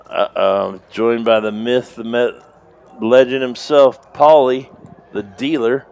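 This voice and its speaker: A man calling poker hands live in a relaxed, conversational play-by-play. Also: mid-range voice, takes it slowly, vocal fry. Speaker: poker stream commentator.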